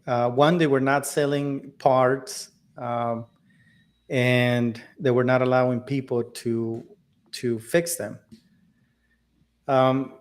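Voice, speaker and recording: A man co-hosting a tech podcast, talking casually with many fillers and restarts. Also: mid-range voice. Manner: halting, many fillers and restarts, laughs often. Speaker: podcast co-host.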